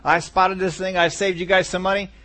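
A man's voice: high voice, flat delivery, a little fast, sharp tone, voice pushed up. A man preaching acts out an indignant worker who complains that nobody thanks him for his hard work. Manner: complaining, self-important.

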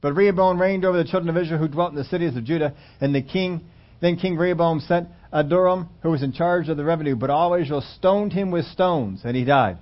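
A man preaching a conversational sermon, at times rising loud and emphatic. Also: on the high side, fast, muffled recording. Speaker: pastor.

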